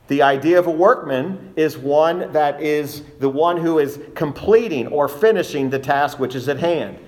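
Emphatic man preaching a sermon. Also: a little high. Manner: measured, emphatic expository preaching with slowed stressed phrases.

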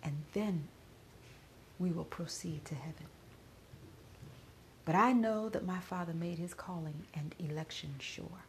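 Grieving woman, soft and half-whispered. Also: on the low side, unhurried, pauses often, a little hiss or hum. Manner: soft, often slipping into a whisper. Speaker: podcaster. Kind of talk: personal spoken reflection.

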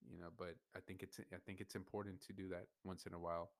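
Low-voiced man venting emotionally. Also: level tone, fast, creaky, no room sound, studio quality. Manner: emotional, swearing, rambling with restarts. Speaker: podcast host. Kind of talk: personal venting monologue.

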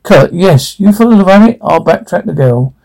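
A steady male starship captain, read aloud by a man in a halting, unpolished delivery. His voice is slightly high, gravelly and mellow. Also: poor audio. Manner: plain, halting script reading.

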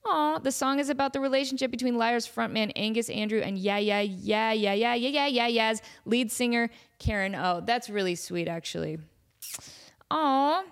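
Animated woman host in her thirties, casual storytelling, giggly and upbeat. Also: a little high. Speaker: podcast host.

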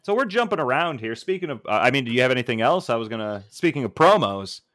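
Male podcast co-host, lively swinging pitch, dry close sound, laughs a lot and acts out what fans yell. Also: fast, dry recording. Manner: animated, laughs often, mimics fans mid-story. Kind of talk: casual wrestling podcast chat.

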